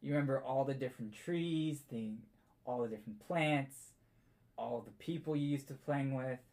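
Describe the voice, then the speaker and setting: A man running a tabletop game as game master, telling the story in a relaxed way and chuckling often. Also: mid-range voice, normal speed.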